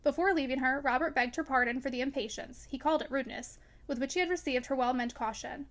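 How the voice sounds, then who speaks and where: A woman reading a classic novel aloud as an audiobook narrator, in a measured, even way. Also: high-pitched. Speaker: audiobook reader. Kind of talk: scripted narration.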